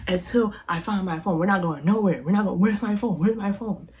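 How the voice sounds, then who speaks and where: A woman's voice: medium pitch, a little fast, a little mellow, lightly acted. A woman retelling a frantic young man who keeps repeating his questions as he searches for his lost phone. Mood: stubborn. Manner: panicky, repeating himself, stubborn. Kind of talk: casual storytime retelling.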